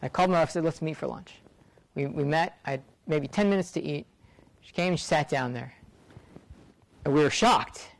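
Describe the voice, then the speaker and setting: A man's voice: a little high, brisk, vocal fry, pauses often, low-quality recording. A middle-aged man, a rural doctor, speaking earnestly to a student audience, often repeating words for emphasis.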